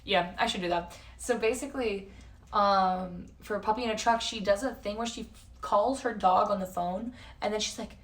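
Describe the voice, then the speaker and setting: A woman's voice: medium pitch, normal speed, far from the mic. A young woman chatting casually on a live stream from a hotel room. She rambles, swears freely and jumps between tangents. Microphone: facecam at a distance. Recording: echoey room, voice off-mic.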